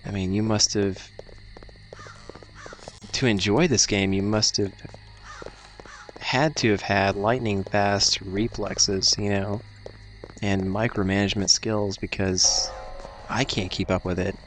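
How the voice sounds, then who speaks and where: A man's voice: lowish voice, steady tone, slow pace, long pauses, faint music behind. A man hosting a let's play, giving casual gameplay commentary that is rambling, self-deprecating and thinking aloud.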